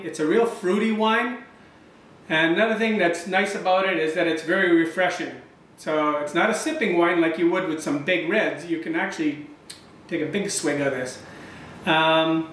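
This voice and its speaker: A man's voice: high-pitched, fairly bright tone, far from the mic. Rambling man in an echoey room. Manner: rambling, chatty, drifts into anecdotes. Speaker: wine review vlogger. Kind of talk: casual home video review. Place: room at home, filmed by his wife. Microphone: camera mic from a distance.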